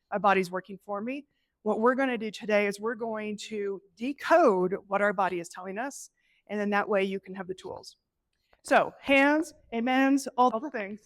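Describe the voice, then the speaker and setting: A middle-aged woman presenting a live workshop, animated and conversational, acting out inner voices as she teaches. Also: medium pitch, dry recording. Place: event space with an audience.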